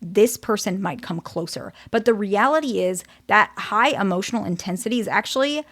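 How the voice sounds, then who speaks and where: A woman's voice: medium pitch, lively intonation, normal speed, fairly bright tone. A woman therapist giving a casual, direct teaching talk, often checking in with "okay?".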